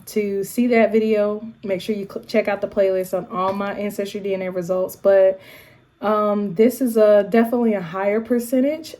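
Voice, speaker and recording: A woman with an African American English accent, chatting casually to her viewers in a vlog, animated and full of quick asides and shout-outs. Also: medium pitch. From United States. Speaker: YouTube vlogger.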